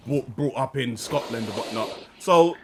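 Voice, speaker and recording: Animated man telling stories. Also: mid-range voice, normal speed, a crowd in the background. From United Kingdom. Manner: animated storyteller with slang, laughs often. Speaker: guest, voice actor. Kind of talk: casual chat.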